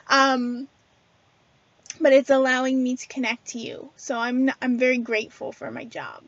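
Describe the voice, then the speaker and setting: A woman's voice: high-pitched, no echo, dull audio. A woman hosting a casual spiritual talk to her viewers, chatty and earnest, with frequent fillers and restarts. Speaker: spiritual video host.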